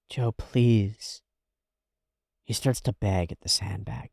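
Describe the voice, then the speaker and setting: Man, low voice, casual reaction commentary, animated, swearing, dry. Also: takes it slowly, gravelly, long pauses, no room sound. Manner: animated, swearing, swings between loud and hushed. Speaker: reaction video host.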